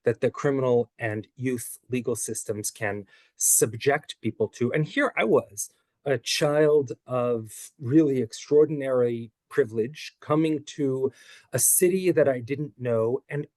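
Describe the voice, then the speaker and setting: A man in his forties, an author and former public defender, giving earnest, measured interview answers. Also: mid-range voice, a little mellow, no room sound.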